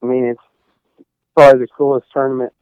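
Young man, smooth rambling voice. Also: medium pitch, level tone, quick pace, dry recording, phone-quality sound. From Texas. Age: young adult. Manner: rambling, many fillers and restarts. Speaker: guest, college golfer. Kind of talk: casual interview chat.

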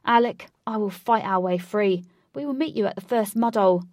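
A woman reads as a brash, boastful male fighter who barks orders in a loud, firm voice. The storybook reading is dry and close, with no room around it. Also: medium pitch, moderate pace, no room sound, close to an everyday voice. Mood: commanding. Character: tough, loud male fighter with a pet pig.

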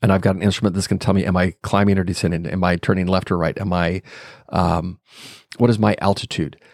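A middle-aged man with a somewhat low voice hosts his podcast, telling a personal story as he thinks aloud. He pauses on fillers and lets out small chuckles along the way. The sound is dry and close, with no room around it. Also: flat delivery, creaky, no echo. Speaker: podcast host. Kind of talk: reflective storytelling monologue.

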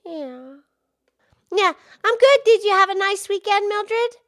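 A bubbly little pig girl hosting a kids' podcast, voiced by a woman, all squeaky sing-song chatter. Her voice sits up high and bounces with excitement as she chats with her co-host. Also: measured pace. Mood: cheerful. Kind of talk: in-character kids' podcast chat.

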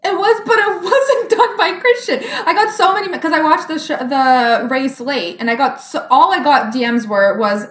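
A woman co-hosting a casual chat podcast, her voice slightly high. She retells things in an animated way and giggles often, and the recording has a roomy echo. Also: moderate pace, hardly any pauses. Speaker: podcast co-host. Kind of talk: casual chat about motor racing.

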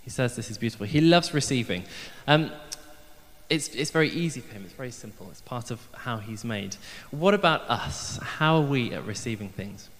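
A man's voice: medium pitch, lively intonation, normal speed, a bit bright. Man preaching in a reverberant church. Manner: chatty, self-deprecating, many ums. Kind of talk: humorous church sermon. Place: church hall. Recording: long hall reverb.

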